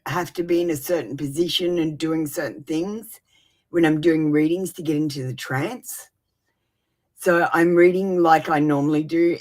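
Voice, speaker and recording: A woman giving a live-streamed tarot reading on a webcam, flustered and apologetic about her setup before settling into steady predictions. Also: sits low. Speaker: tarot reader.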